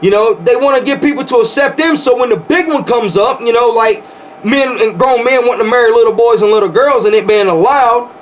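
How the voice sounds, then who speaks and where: A man with a very high voice preaches informally to an online audience as a pastor, speaking fairly quickly. He's fervent and rambling, and he often repeats words when he gets worked up. A little hiss or hum runs through the audio.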